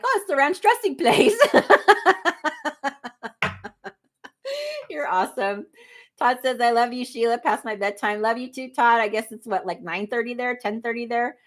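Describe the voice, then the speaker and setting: A woman in her 50s hosts a casual livestream, chatting and reading viewer comments aloud with frequent laughter. Her voice is fairly high and her pace moderate.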